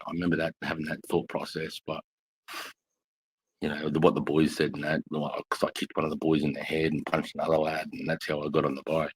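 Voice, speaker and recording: A man's voice: very deep voice, fairly even intonation, quick pace, breathy edge, no echo, poor audio. A man, a former army instructor, telling rowdy stories in casual live chat, blunt and full of swearing. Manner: blunt, swears constantly, rambling war stories.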